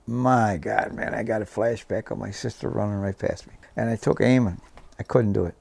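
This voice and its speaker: This veteran guest, a man in his seventies, has a gravelly, darkish voice on the low side, keeping a steady tone at normal speed. He shares his war memories as a vivid storyteller, acting out the conversations.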